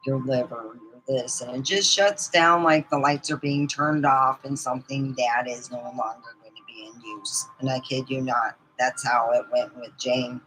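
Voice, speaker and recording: Woman, middle-aged, low pitch, bright tone, rambling chatty storyteller, casual vlog. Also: fairly even intonation, normal speed, few pauses, faint music behind, low-quality recording. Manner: rambling, chatty, laughs often mid-story. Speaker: vlogger.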